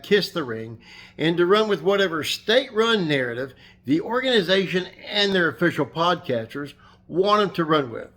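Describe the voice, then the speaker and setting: A man's voice: high-pitched, a bit bright. A man hosting his fishing channel, delivering a sarcastic, combative rant and telling a story. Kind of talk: ranting vlog monologue and anecdote.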